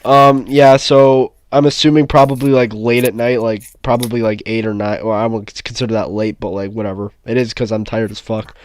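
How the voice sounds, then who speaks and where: A man's voice: lowish voice, level tone, brisk, hardly any pauses. A man in casual chat, telling a story with a lot of cursing and heat. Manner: profane, heated storytelling.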